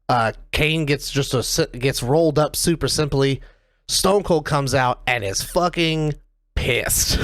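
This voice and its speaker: A woman co-hosting a casual wrestling podcast, recapping matches in animated, profane storytelling. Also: sits low, no echo. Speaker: podcast co-host.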